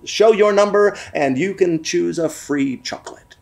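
A man putting on the voice of an excitable male horse-race announcer, calling out in a booming, rapid-fire way. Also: vocal fry. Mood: announcing.

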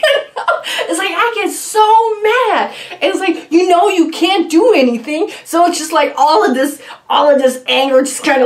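A young woman with a bright, high voice chats loosely to her camera, full of fillers and little giggles. She rambles from one thought to the next. The sound is roomy, with a clear echo of the walls around her. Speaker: vlogger. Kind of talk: casual chat. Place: home room.

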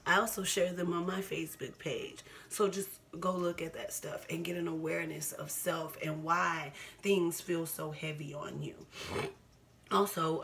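A woman's voice: on the low side, a little hiss or hum. A woman in her twenties speaking candidly to camera as a vlogger, laughing often and repeating herself for emphasis. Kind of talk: casual personal talk to camera.

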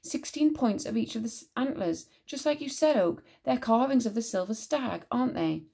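A woman voicing a brave, fierce young girl in a storybook reading, with a bold, quick manner. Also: on the high side, expressive, gravelly, warm tone, slightly rough, pitched above the performer's own voice, heavily acted.

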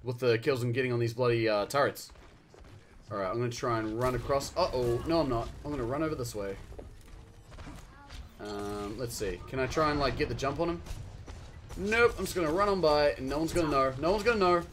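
A young man with a New Zealand accent, chatting casually and excitably while streaming a game, swearing and yelling at the action. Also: mid-range voice, fairly quick, slight background noise. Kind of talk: casual live-stream gameplay chat.

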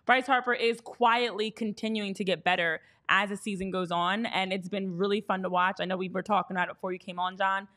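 A woman hosting a sports show, reading off baseball stats in a brisk, chatty way. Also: medium pitch, fairly even intonation, fairly bright tone. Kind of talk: casual sports chat.

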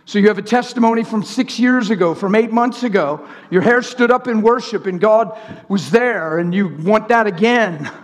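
A male preacher delivering a fervent, excitable sermon, swinging between shouting and hushed tones. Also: high voice, moderate pace. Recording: reverberant hall.

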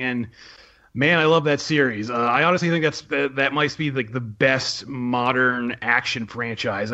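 A man's voice: mid-range voice, bright, forceful tone, muffled recording. A man on a podcast panel talking about films in casual chat, hesitant with many fillers and restarts. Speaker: podcast panelist, film writer.

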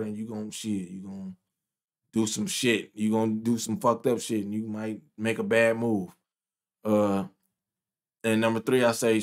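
A man ranting and reacting to news clips, loud and profane, repeating his points over and over. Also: fairly low pitch. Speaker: commentator.

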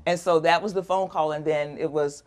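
A woman's voice: low-pitched, steady tone, fairly quick, a little mellow. A middle-aged woman, a guest on an interview show, telling an emotional personal story and animatedly acting out the voices of people she quotes.

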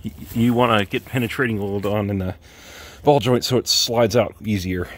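A man's voice: on the low side, moderate pace. A man giving casual, matter-of-fact step-by-step instructions for a home car repair, with plain talk and wry asides. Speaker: DIY car repair vlogger. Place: home driveway, working under a car.

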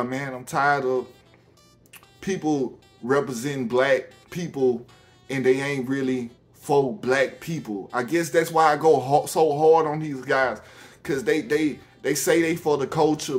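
A young man from Alabama with a Southern accent, talking casually to camera on his own channel, halting with many ums and restarts, faint music behind. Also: medium pitch. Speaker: YouTuber.

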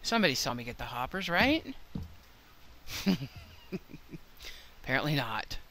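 An older woman narrates her gameplay in a chatty, thinking-out-loud way and teases herself now and then. Her voice is bright and a touch tense. A faint hiss sits under the recording. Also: extremely low pitch, very animated, unhurried. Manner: chatty, thinks aloud, self-deprecating. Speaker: let's play host. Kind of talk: gameplay commentary.

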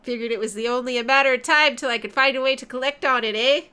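A woman's voice: sits high, fast, sharp tone, smooth. A woman voicing a scheming male gangster who turns on his boss, reading game dialogue aloud on a stream. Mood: menacing.

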